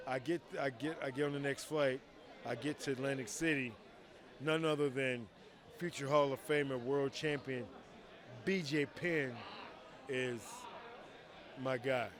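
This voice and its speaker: A man telling stories in a casual interview, acting out quoted dialogue with lively voices and frequent swearing. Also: mid-range voice, slow, pauses often, crowd noise. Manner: animated, acts out quoted dialogue, swears freely. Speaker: retired fighter telling stories. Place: outdoors at a convention.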